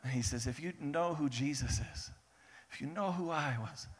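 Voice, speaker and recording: A man preaching a sermon in a lively way, acting out the people in his story and swinging between loud bursts and hushed lines. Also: fairly high pitch, moderate pace. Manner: animated, acts out voices of biblical figures, swings between loud and hushed. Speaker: pastor.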